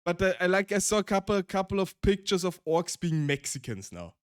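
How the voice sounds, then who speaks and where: Streamer, man, German accent, fairly high voice, rambling casual chat, dry close sound. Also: very animated, brisk, clear, resonant tone, no room sound. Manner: rambling, restarts a lot, laughs often.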